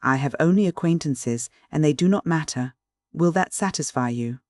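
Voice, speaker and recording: A man voicing a proud, impetuous young lady who is quick to anger, speaking in a raised pitch. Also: darkish tone, no echo, studio quality, natural voice. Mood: tender.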